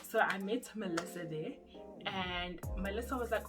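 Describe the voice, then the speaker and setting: A young woman from South Africa with a South African accent, telling her story in a casual, animated vlog. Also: medium pitch, normal speed. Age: young adult. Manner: chatty and animated, acts out quoted voices. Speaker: YouTuber. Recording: music playing underneath.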